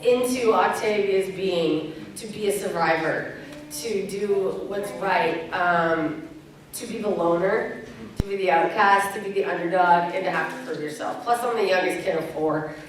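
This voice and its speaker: A woman's voice: lowish voice, unhurried. A woman from Canada answering fan questions as a convention panel guest, candid and laughing easily. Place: large convention hall. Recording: very echoey hall, distant mic.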